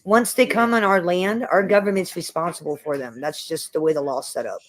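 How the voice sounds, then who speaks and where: A woman's voice: on the low side, a little fast. Hesitant, chatty middle-aged woman. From Iowa, USA. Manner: hesitant, repeats words, casual and chatty. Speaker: livestream host. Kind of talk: casual livestream chat.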